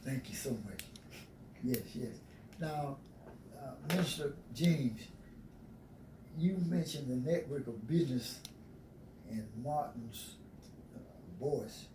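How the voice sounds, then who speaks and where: A man interviewing guests, halting and repeating words while encouraging them. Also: mid-range voice, animated. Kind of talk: community talk show interview. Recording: roomy, distant, noisy.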